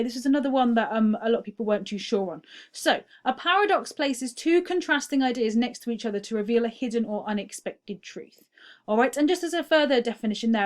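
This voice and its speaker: A woman teacher talking through quiz answers in a recorded feedback lesson, explaining step by step and often checking in with "okay?". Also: on the high side.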